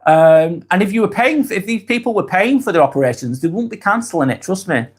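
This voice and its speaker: A man hosting a live stream, reading viewers' comments aloud and chatting back in a relaxed, easygoing way. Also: high-pitched, quick pace, husky. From England. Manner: laid-back, chatty, trails off softly at phrase ends.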